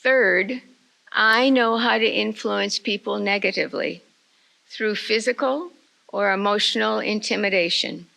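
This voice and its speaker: Slow, gravelly older woman telling a story. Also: medium pitch, bright, forceful tone, poor audio. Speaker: retreat speaker. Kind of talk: storytelling talk.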